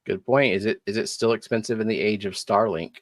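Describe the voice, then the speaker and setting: Low, dry-voiced man hosting a chat stream. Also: steady tone, fairly quick, no echo. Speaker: livestream host. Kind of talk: casual chat.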